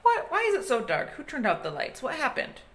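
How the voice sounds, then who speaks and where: A woman voicing a young, silly boy jellyfish who asks high, excited questions. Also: takes it slowly, exaggerated voice. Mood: scared.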